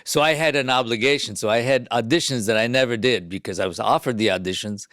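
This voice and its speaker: A man hosting an interview, speaking in a reflective, measured way. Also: mid-range voice, fairly bright tone, no room sound, studio quality. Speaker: host. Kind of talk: interview conversation.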